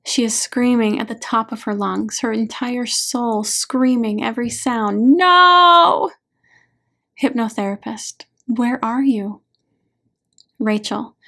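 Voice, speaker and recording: A woman, an author and hypnotherapist, reading her audiobook in a gentle, measured way. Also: fairly high pitch, flat delivery, creaky. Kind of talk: audiobook narration.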